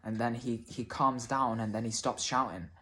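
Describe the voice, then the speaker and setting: A man telling a personal story casually to camera, halting often and restarting his sentences, with the odd swear word. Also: medium pitch, fairly even intonation, bright, forceful tone. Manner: hesitant, many restarts and fillers, casual swearing. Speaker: vlogger.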